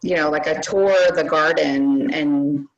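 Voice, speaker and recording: Low voiced woman explaining ads on a webinar, super casual, lots of likes and ums. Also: a little slow, dull audio. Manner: relaxed, many fillers like "like" and "um". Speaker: guest marketing expert.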